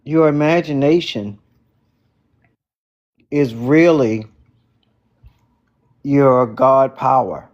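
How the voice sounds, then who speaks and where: A man on an online group call, sharing reflections in a deliberate manner, with pauses between thoughts. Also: medium pitch, highs cut off. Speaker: book club participant.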